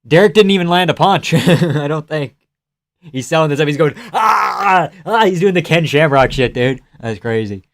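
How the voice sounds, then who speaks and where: A young man hosting a livestream, reacting to a fight with casual, profane commentary, yelling advice at the fighters and laughing often. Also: on the high side, moderate pace. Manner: excitable, profane, yells at fighters, frequent laughs. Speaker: livestream host.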